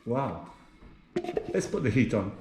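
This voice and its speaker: In his home kitchen, an English vlogger cooks and chats casually with viewers, with frying and sizzling from the hob and faint music behind him. He speaks slowly in a sing-song, mid-range voice with a darkish tone, and the room is echoey.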